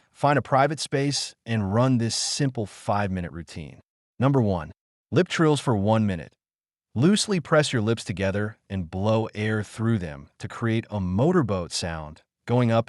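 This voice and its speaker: A man narrating an audiobook with a fairly low voice that rises and falls with plenty of movement. His delivery is measured and emphatic, like a coach laying out steps. The recording is dry and close, with no room sound. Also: dry recording.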